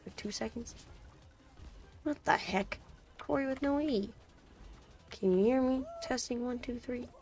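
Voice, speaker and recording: A woman's voice: on the high side, measured pace, pauses often, a little mellow. A woman streaming a game, muttering to herself in casual chatter and breaking into sudden frustrated outbursts.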